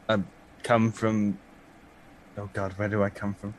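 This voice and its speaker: A man's voice: fairly low pitch, flat delivery, a little slow. A man playing a tabletop game, chatting casually with wry jokes. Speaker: player.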